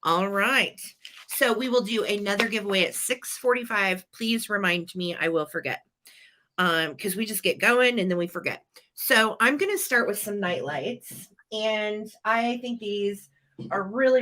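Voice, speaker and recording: A woman's voice: mid-range voice, pushed and bright. A woman co-hosting a live vintage sale, chatty and playful as she describes items in detail. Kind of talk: live-stream auction chat.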